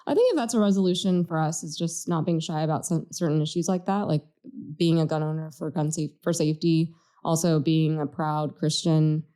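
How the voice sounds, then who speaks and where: A woman co-hosting a political podcast chats casually in an earnest, reflective way, thinking aloud as she talks. Her voice sits low and mellow, her pace is a little fast, and the tone is clean.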